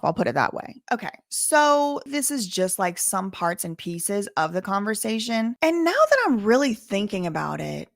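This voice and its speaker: A woman's voice: mid-range voice, gravelly, dry recording, studio quality. A woman, talking casually and uneasily, full of fillers and sighs, as she reads out a chat log for her channel. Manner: filler-heavy, sighing, uneasy. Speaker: commentary vlogger. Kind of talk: casual commentary, reading a chat log aloud.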